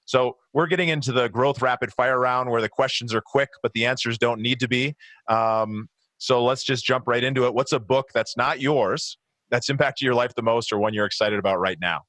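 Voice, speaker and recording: A man's voice: medium pitch, moderate pace, a bit bright, no echo. A man hosting a podcast interview, asking questions in an eager, encouraging way. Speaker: podcast host.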